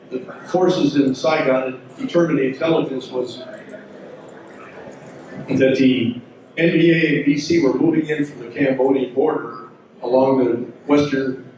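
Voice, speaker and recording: A man's voice: mid-range voice, darkish tone, a little hiss or hum. An older man, a veteran pilot, telling war stories to an audience in a folksy, rambling way, often backing up to add details. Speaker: symposium speaker, veteran helicopter pilot. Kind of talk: storytelling talk to an audience. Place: large hall. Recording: echoey hall recording from far off.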